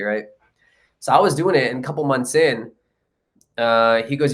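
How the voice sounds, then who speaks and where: A young man from India tells a story as a guest in a relaxed interview. His voice sits at an everyday middle pitch, and he talks in an animated way, jumping into the voices of the people in his story. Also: fairly quick. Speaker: guest, comedian and actor.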